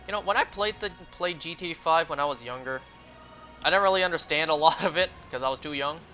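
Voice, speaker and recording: Bright-voiced young man musing aloud. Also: on the high side, fast, faint music behind. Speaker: streamer. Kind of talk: casual chat while live-streaming.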